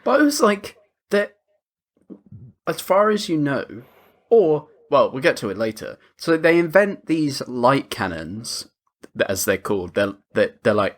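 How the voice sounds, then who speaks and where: A man co-hosting a podcast, retelling film scenes in an animated, exasperated way with mock quotes. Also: mid-range voice, unhurried. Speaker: podcast co-host. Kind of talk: casual film review chat.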